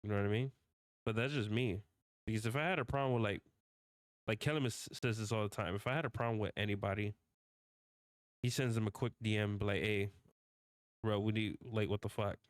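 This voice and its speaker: A man's voice: fairly low pitch, fairly even intonation, quick pace, pauses often, dry recording, studio quality. A male streamer talking casually in a rambling rant, repeating himself, swearing often and restarting his sentences.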